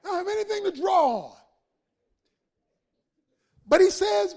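Man, pastor, sermon, very high voice, rising shouts and drawn-out pauses. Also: sing-song, gravelly. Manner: preaching with swells to shouts and dramatic pauses.

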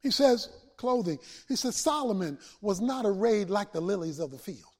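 A man a sermon to his congregation, building from steady talk to shouted peaks and back down. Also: high voice. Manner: preaching with swells to shouts and dramatic pauses. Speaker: pastor.

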